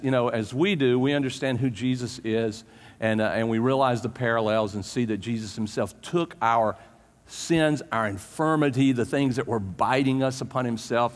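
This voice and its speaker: A man preaching a casual, conversational sermon, retelling the story in an animated way and often restarting his sentences. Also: medium pitch. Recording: long hall reverb.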